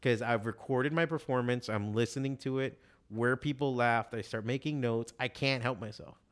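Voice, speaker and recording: A man in his forties talks in a loose, rambling way, swearing often and piling up fillers. His pitch sits in the middle range for a man. He tells stories in a casual chat. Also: normal speed. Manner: profane, rambling storytelling with many fillers. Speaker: stand-up comedian and podcast guest.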